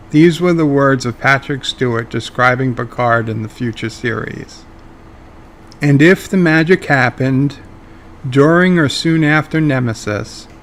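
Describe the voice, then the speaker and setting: A man's voice: medium pitch, slight background noise. A man hosting a fan video, speculating casually and joking about his own weak impressions. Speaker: video host.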